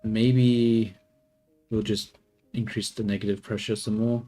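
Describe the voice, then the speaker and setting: Low-voiced man muttering through a stream. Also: level tone, measured pace, mellow. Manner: muttering to himself, trailing off, self-correcting. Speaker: livestreamer doing 3D modeling. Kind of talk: casual thinking-aloud stream chatter.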